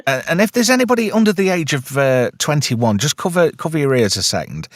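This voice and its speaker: A man's voice: a little high, very animated, a little fast, no room sound, studio quality. A British man hosting a film review chat, rambling and joking, often restarting his sentences. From United Kingdom. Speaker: podcast host.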